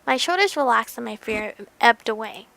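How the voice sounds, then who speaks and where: A woman's voice: fairly high pitch, expressive, normal speed, gravelly, bright, forceful tone, no echo, rough recording. A young woman narrating a visual novel game aloud, breaking in with playful, giggly reactions. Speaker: game streamer.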